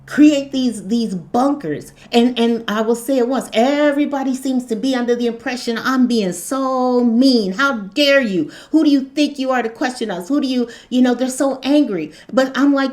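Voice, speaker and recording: A woman's voice: a little high, moderate pace, few pauses, darkish tone. A woman giving an impassioned spoken commentary, asking question after rhetorical question. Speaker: spiritual commentator.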